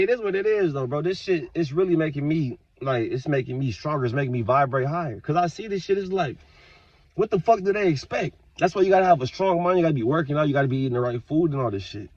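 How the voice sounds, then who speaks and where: A man talking straight to his viewers in a casual, profane, rambling rant, with sudden loud outbursts. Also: fairly high pitch, fast, dry recording, lo-fi sound. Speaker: vlogger. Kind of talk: casual monologue to camera.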